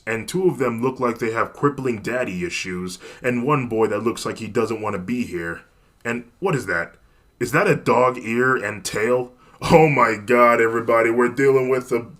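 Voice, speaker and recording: A man voicing a loud, brawny male thug who jeers and sneers. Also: mid-range voice, natural voice. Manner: sneering, jeering.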